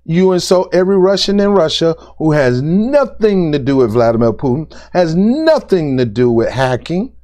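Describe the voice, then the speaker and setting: Guy doing a fired-up political rant vlog, keeps repeating himself, says dude and ain't a lot, voice a bit on the high side. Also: sing-song, normal speed, few pauses, warm tone. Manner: blunt, repetitive, exasperated; informal speech with "ain't" and "dude". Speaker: political commentary vlogger. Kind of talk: opinion rant to camera.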